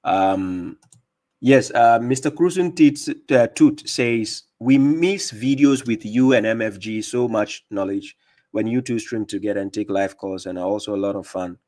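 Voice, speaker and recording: A man's voice: on the low side, a little slow, a little mellow. A man with a non-native English accent hosting a live stream, reading viewer comments aloud and commenting emphatically, often repeating his words. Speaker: livestream host.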